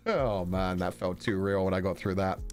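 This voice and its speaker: A man's voice: low voice, big pitch swings, unhurried, soft background music. A man with a Belfast accent streaming a casual chat, rambling and laughing often as he talks. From Northern Ireland.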